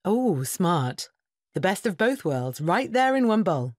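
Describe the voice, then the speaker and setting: A woman's voice: fairly low pitch, sing-song, slow pace, darkish tone, no room sound, studio quality, full character voice. A woman voicing a cheerful young diner in a scripted textbook dialogue. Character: young woman undecided over her order.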